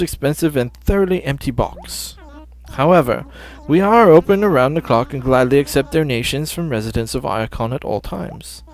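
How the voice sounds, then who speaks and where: A man's voice: medium pitch, darkish tone, close to an everyday voice. A man reading as a sleepy, pompous owl curator. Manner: flowery formal apologetic.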